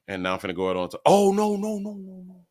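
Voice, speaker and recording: A man hosting a live stream, ranting animatedly with frequent laughs, repeated words and loud high outbursts. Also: big pitch swings, fast talker. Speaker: live-stream show host. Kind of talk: live-stream commentary rant.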